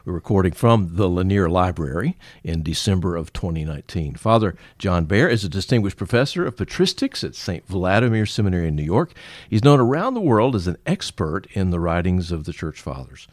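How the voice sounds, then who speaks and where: A man hosting a podcast interview in a library, chatty and quick to affirm his guest. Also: low voice, big pitch swings, no echo, clean studio sound. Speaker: podcast host. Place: library recording room.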